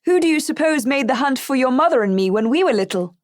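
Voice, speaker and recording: A woman's voice: high voice, lively intonation, fast, dry recording. Woman doing a wry jokey young uncle, dry storybook read. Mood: teasing. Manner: wry, teasing. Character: teasing young adult man, playful uncle.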